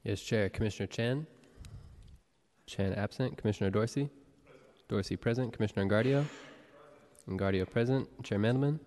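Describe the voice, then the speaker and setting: A man serving as board clerk, reading the roll call and announcements in a brisk, formal way. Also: lowish voice, darkish tone. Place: city hall legislative chamber. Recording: long reverb of a large chamber.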